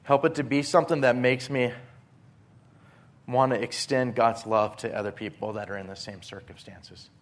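A man preaching a sermon, earnest, swinging between forceful emphasis and hushed softness, often repeating words as he restarts phrases. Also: mid-range voice, steady tone, moderate pace. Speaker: pastor.

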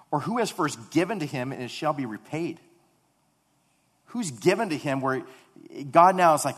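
A man in his thirties preaching a sermon, earnest, rising to loud emphatic peaks and dropping to quiet storytelling. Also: mid-range voice, lively intonation, moderate pace. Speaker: pastor. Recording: long reverb of a large hall.

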